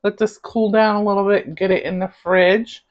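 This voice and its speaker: A woman's voice: mid-range voice, steady tone, moderate pace, highs cut off. A woman with a light Southern US accent, chatting casually as a cooking vlogger, rambling and savoring food aloud.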